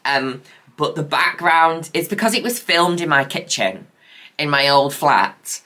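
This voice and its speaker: A woman's voice: sits low, expressive, unhurried, sharp tone. A woman, a drag queen host, chatting in a camp, theatrical, self-mocking way as she reacts to an old video. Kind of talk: casual reaction commentary.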